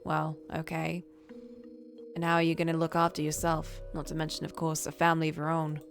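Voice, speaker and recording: A woman's voice: low voice, monotone, brisk, soft background music. A woman reading the lines of an older mother who dotes and nags, in her own voice. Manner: gently scolding, doting. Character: older Irish mother, fretting and nagging. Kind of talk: reading game dialogue aloud.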